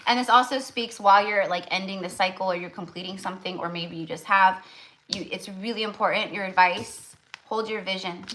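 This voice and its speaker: A woman's voice: mid-range voice, fairly quick, bright, forceful tone, a little hiss or hum, poor audio. A woman doing a casual tarot reading for her viewers, rambling with lots of "like" and restarts. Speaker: tarot reader.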